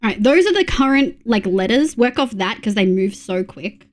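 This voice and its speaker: A woman's voice: a little high, very animated, normal speed. A young adult woman with an Australian accent, chatting casually to her live-stream audience, reading things aloud and laughing often. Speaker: livestreamer.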